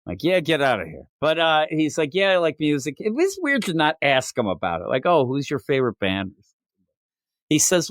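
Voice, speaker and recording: A man with a lively voice that swings up and down, recapping a comic book in casual podcast talk. He is sarcastic and profane and keeps acting out the characters' lines. The sound is dry and close. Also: on the high side, moderate pace, dry recording. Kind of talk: casual comic review chat.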